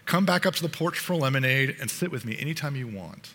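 Brief: man playing a soft-spoken, gentle father, bright tone, echoing hall. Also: medium pitch, expressive, quick pace.

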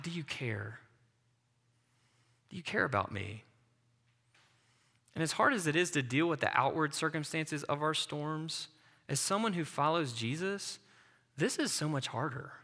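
A man's voice: sits high, bright, forceful tone, in a large hall. A man preaching a sermon as a pastor, talking in an earnest, conversational way and mixing in personal stories. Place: church.

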